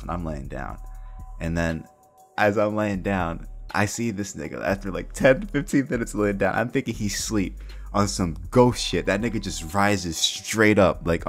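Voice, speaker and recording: A young man with a very low voice tells a casual storytime, rambling and full of slang. He acts out both sides of the dialogue in his own voice. Faint music plays behind him. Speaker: storyteller vlogger.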